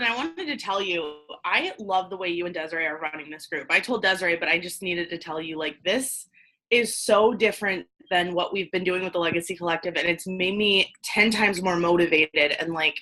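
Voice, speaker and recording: A woman's voice: fairly low pitch, sharp tone. A woman on a group video call, gushing with enthusiastic, repetitive praise for how the group is run. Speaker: team member. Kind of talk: casual video-call chat.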